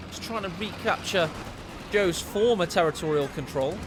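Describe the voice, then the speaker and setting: A man doing live game commentary, excitable and cheeky, teasing his co-caster. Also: high-pitched, moderate pace, noisy background. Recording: loud game battle sounds behind.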